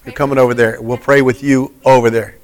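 Middle-aged man, pastor, earnest informal preaching, mid-pitched voice. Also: flat delivery, a little fast. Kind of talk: informal sermon and chat.

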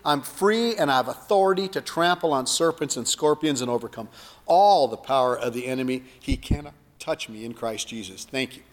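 A man preaching and leading the listeners in an earnest spoken prayer, moving between hushed lines and fervent ones. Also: medium pitch, expressive, brisk, big-room sound. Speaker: pastor.

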